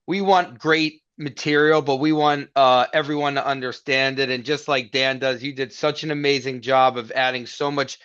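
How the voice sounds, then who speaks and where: A man's voice: mid-range voice, fairly even intonation, moderate pace, hardly any pauses, a bit bright, smooth. A man hosting a video-call webinar, earnestly thanking a guest speaker. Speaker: webinar host. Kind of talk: appreciative wrap-up. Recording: dull lo-fi call audio.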